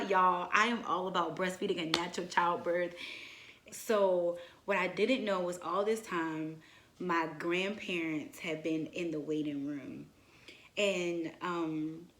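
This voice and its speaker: A young woman casually telling a personal story, acting out her own past words with lively asides. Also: medium pitch. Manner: animated, quotes herself in lively asides. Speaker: vlogger. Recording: roomy echo.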